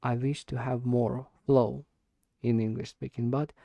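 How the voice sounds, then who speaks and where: Hesitant, gravelly-voiced man practicing English. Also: medium pitch, level tone, dark tone, no room sound, muffled recording. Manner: hesitant, repeats and restarts words while searching for them; deliberately slow with stressed words. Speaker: English learner recording speaking practice. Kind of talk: unscripted speaking practice monologue.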